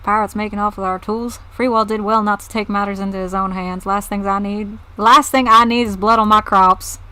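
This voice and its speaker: A woman voicing a gruff, stern male farm boss in a put-on Southern US accent as she reads game dialogue aloud. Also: mid-range voice, fairly even intonation, a little fast, sharp tone, natural voice, low-quality recording.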